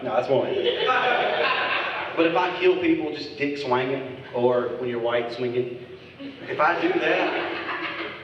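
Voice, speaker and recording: A man's voice: medium pitch, slow, pauses often, lo-fi sound, very noisy. A man doing a stand-up comedy set on a club stage, crude and teasing as he riffs with the crowd. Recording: echoey club recording from far off.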